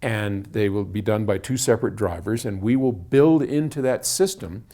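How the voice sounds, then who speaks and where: Warm-toned and fairly low, this man's voice moves at a normal pace as he, the head of an audio company, casually explains answers to viewer questions. His talk has frequent restarts and repeated words, picked up by one room microphone indoors while he shifts toward and away from a wall.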